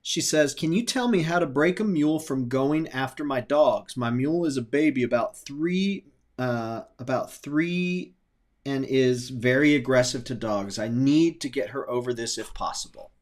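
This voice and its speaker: A man co-hosting a show, reading viewer questions aloud in a slow, measured way. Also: medium pitch.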